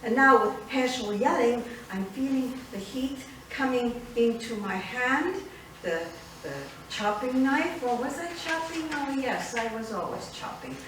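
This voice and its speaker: An actress in a solo theatrical monologue, playing an older immigrant grandmother who tells her story with expressive, indignant energy, recorded from a distance in an echoey theater. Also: high-pitched, measured pace, background noise. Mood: recounting. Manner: expressive storytelling, switching between wistful and fiery. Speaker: solo stage performer. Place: theater stage.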